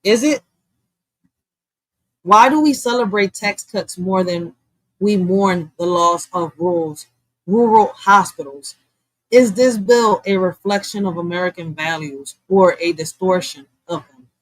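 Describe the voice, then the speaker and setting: A woman hosting a casual livestream, talking bluntly with lots of swearing and reacting loudly, with laughs, to comments from her chat. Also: fairly low pitch, unhurried, no room sound, poor audio. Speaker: livestream host.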